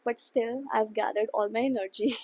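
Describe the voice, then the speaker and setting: A woman's voice: fairly high pitch, steady tone, normal speed, darkish tone, low-quality recording. A young woman talking casually about books in a chatty, gushing, rambling way. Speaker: book vlogger. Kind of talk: casual chat.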